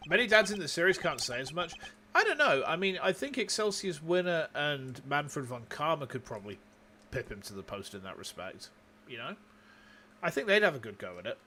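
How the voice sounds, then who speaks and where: Lively joking Yorkshire streamer. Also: male voice, on the high side, a little fast, background noise. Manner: animated, crude, joking. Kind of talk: game stream commentary. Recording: game music underneath. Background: game music.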